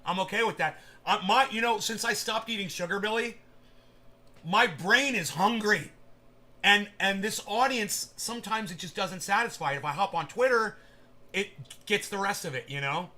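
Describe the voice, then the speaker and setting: A man chatting on a livestream in a high, bright voice that has a forceful edge. He rambles from point to point, swears freely and calls out to viewers by name as they type in chat. It is loose, unscripted talk. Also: brisk. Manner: rambling, profane, talks straight to viewers in chat. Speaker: livestream host.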